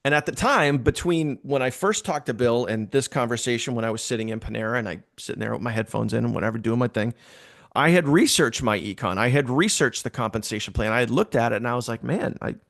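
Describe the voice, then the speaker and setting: A man telling a casual story to his team, animated and repeating phrases for emphasis. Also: mid-range voice, fast talker, no echo, studio quality.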